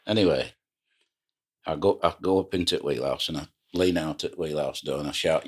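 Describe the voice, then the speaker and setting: Older man, very deep voice, rambling anecdotal storyteller, ex-skipper. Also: a little fast, breathy edge. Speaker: retired pilot boat skipper. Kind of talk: reminiscing oral history.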